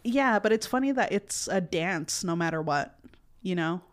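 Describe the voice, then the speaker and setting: A woman with a slightly low voice chats casually on a podcast. She rambles, backtracks and fills her pauses with ums as she works out her thoughts. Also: animated. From United States. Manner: rambling, self-interrupting, many fillers. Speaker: podcast co-host. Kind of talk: casual conversation.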